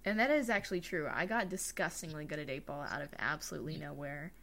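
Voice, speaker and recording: A young woman co-hosting a podcast, telling stories in a giggly, animated way, swearing now and then. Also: low voice, quick pace, creaky. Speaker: podcast co-host. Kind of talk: casual chat.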